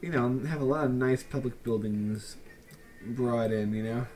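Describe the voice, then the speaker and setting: A man's voice: mid-range voice, moderate pace, darkish tone, soft background music. A young man giving casual, joking commentary over a city-building game, full of playful, mock-grand asides to the viewers. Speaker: let's play commentator.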